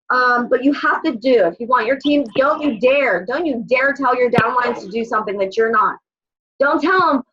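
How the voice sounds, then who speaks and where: Blunt, high-voiced woman leading a team call. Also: animated, a little fast, a bit bright, slightly rough, lo-fi sound. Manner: blunt, swears, tough-love pep talk. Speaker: sales team leader. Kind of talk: casual motivational team call.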